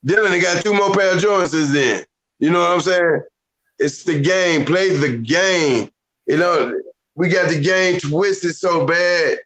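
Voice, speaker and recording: Man, podcast co-host, slightly high voice, animated storyteller, lectures a bit, casual chat. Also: measured pace, low-quality recording.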